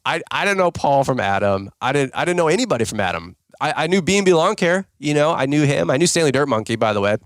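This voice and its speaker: A man hosting a podcast, telling rambling, self-mocking stories full of fillers and jumping up in pitch whenever he quotes someone. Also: sing-song, quick pace, hardly any pauses, dry recording, clean studio sound. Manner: filler-heavy, self-mocking, jumps into higher-pitched voices when quoting people. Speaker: podcast host. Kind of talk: casual rambling storytelling.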